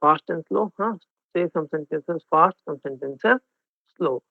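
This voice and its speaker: A man's voice: a little high, a little slow, creaky, no echo. A man with an Indian English accent teaching an exam-prep class, mixing Hindi and English and often checking in with his students. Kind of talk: online class lecture. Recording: phone-like narrow band, dry.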